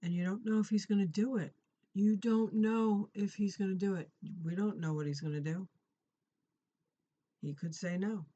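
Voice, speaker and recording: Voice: mid-range voice, fairly even intonation, normal speed, mellow. Middle-aged speaker, earnest testimony, conversational, repeats and restarts, slightly muffled lo-fi audio. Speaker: Christian encouragement vlogger. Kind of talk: personal testimony and faith encouragement.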